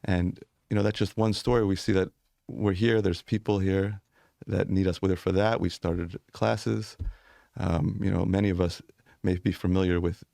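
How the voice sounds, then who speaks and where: Deep gravelly rabbi telling stories. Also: male voice, steady tone, normal speed, warm tone, dry recording, studio quality. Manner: earnest storytelling with light laughs. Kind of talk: conversational interview.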